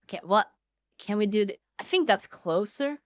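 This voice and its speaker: A woman streaming casually, excitable and foul-mouthed, swinging between loud outbursts and low mumbling. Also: moderate pace, no echo, studio quality. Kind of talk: casual livestream chat.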